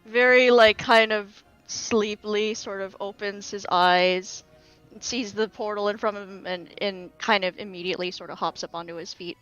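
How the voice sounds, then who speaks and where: A woman playing a tabletop game, describing her character in a relaxed, chatty way with lots of hedges. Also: mid-range voice, normal speed, clean tone, dull audio, soft background music. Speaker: player.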